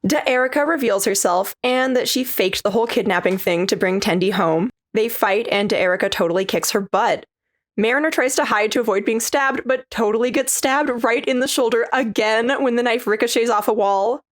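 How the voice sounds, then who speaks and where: A woman's voice: on the high side, a little fast. A woman narrating a scripted episode recap as a video reviewer, in a conversational, lightly wry manner.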